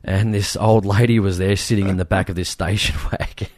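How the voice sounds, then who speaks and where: A man co-hosting a podcast, chatting casually and retelling stories with lively mimicry. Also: a little fast, no echo, studio quality. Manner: animated storyteller, mimics people in high voices. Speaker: podcast co-host.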